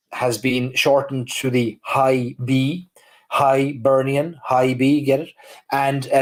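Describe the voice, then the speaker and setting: A man with a Cork Irish accent, co-hosting a livestream chat and telling stories with easy laughs. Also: mid-range voice. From Ireland. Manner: chatty storyteller, laughs easily. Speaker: livestream co-host. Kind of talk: casual chat.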